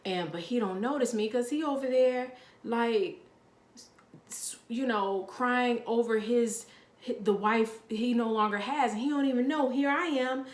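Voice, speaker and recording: A woman doing a young goddess, lovestruck and fed up, a little higher and brighter than usual, in an echoey room. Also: unhurried, close to an everyday voice. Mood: lovestruck, exasperated.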